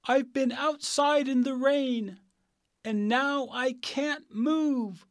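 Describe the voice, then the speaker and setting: A man voicing a stiff, rusted tin man who pleads slowly in a high, strained voice for a storybook reading. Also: no echo, studio quality, heavily acted. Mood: pleading. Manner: slow, strained, high and distant.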